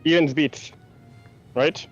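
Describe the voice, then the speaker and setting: A man playing a tabletop game who chats casually and quickly, laughing often. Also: fairly high pitch, fairly even intonation, lo-fi sound, soft background music. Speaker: player.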